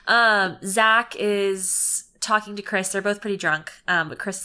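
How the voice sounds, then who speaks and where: A woman's voice: lowish voice, normal speed, bright, forceful tone. A woman co-hosting a podcast, casually retelling a scene and laughing readily. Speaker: podcast co-host. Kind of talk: casual chat about a story.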